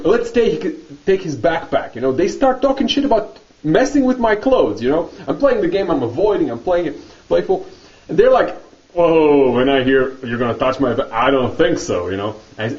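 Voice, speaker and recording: A man vlogging, telling a story in a casual, animated monologue and laughing often. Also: sits high, recorded from a distance, lo-fi sound.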